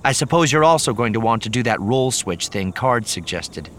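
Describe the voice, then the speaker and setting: A man voicing a sharp-tongued young woman smuggler who speaks in scornful, clipped protests. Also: mid-range voice, expressive, normal speed, slight background noise, pitched above the performer's own voice, close to an everyday voice. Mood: sour.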